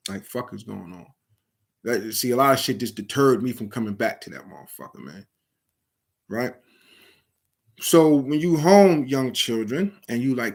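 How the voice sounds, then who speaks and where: A middle-aged vlogger speaks straight to camera with blunt, profane advice for at-risk youth on the streets, preaching emphatically in a street style. His medium-pitched voice swings widely, sounding a little mellow with a breathy edge, at normal speed.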